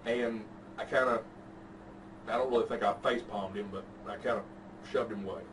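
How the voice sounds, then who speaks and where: Casual man, podcast host telling a profane anecdote, mid-pitched voice, far from the mic with noise behind him. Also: fairly even intonation, normal speed, a bit bright. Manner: laid-back, profane storytelling. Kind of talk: casual chat. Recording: distant mic with background noise.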